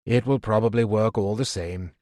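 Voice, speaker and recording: Audiobook figure: stubborn wounded man, gruff and low, voiced by the male narrator; dry close recording. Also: moderate pace, a little mellow, no room sound, lightly acted.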